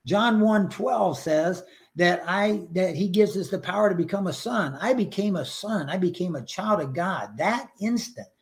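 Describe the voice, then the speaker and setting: A man's voice: high voice, expressive, normal speed. An older man sharing his personal faith story in a podcast interview, earnest and emotional, acting out his prayers.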